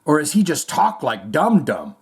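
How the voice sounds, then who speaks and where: With wildly swooping pitch in a slightly rough, somewhat high voice, this host moves at a moderate pace through music news on his casual show. He reads it out, mocks the quotes, and wanders into irreverent tangents laced with swearing.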